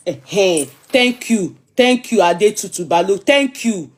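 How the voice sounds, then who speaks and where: A woman with a Nigerian accent hosting a gossip stream, dramatic and animated, arguing back at viewers' comments. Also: mid-range voice, a little slow. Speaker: gossip channel host. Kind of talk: live chat commentary.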